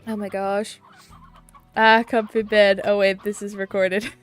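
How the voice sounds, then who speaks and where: A woman streaming a game, chatting casually and getting excited easily, with giggles. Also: medium pitch, slow, no echo, faint music behind. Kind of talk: casual gameplay stream chat.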